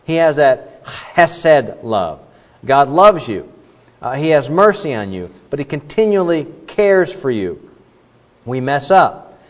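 A man's voice: a little high, very animated, takes it slowly. A middle-aged man preaching a sermon as a pastor, earnest, telling stories with frequent fillers. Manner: earnest, with many fillers and illustrations. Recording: dull reverberant hall recording.

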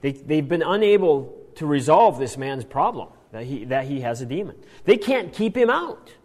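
A man teaching a Bible passage in an animated sermon style, often restarting his phrases. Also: fairly high pitch, moderate pace, long reverb tail. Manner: animated, acts out quoted lines, frequent restarts. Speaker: preacher.

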